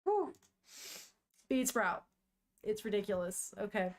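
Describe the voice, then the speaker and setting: A woman's voice: medium pitch, a little slow. A young woman streamer chatting casually and emotionally while reading a comic aloud, swearing now and then. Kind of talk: casual live-stream commentary.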